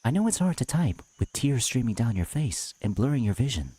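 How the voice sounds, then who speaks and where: Guy doing a snide mocking impression voice, swings way up and down, dark husky tone, dry mic. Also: medium pitch, very animated, fairly quick, dry recording. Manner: sarcastic, condescending, taunting. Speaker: streamer. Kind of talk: mocking impression of another creator.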